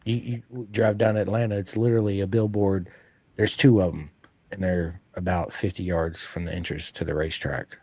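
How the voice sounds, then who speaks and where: A man hosting a podcast in casual chat, an energetic storyteller who acts out quoted lines. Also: low-pitched, normal speed, husky, dry recording. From United States. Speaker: podcast host.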